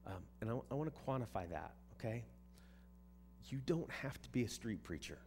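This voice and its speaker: A man's voice: fairly low pitch, sing-song, fairly quick, a little mellow, soft background music. A man preaching a sermon in a conversational way, often repeating words as he restarts a thought. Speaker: pastor.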